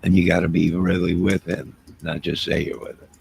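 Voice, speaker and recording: A man's voice: sits low, level tone, brisk, vocal fry, a little mellow, a little hiss or hum. A man rambling loosely to his live chat late at night, defensive and talking straight to his viewers while wearing headphones. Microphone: wearing headphones at a desk mic.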